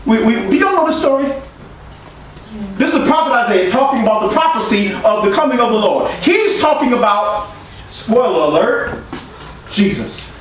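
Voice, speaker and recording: A pastor delivers a call-and-response sermon with a high, animated voice. He is miked from a distance in a booming church sanctuary, with a faint hiss underneath. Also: normal speed. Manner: call-and-response preaching, swings from shouts to hushed tones. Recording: echoey church room from far off, faint hiss.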